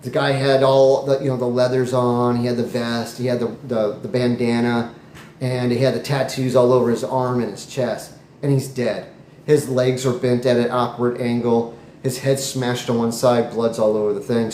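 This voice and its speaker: A man improvising a comic story in a rambling, animated way with jokey asides. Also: mid-range voice. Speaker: comedy storyteller. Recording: echoey room, faint noise.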